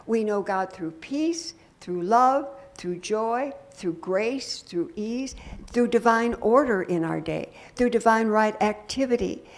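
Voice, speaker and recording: An older woman minister preaching a sermon to her congregation, conversational and gently humorous, often asking the room questions. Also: on the high side, animated, slow pace. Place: church sanctuary.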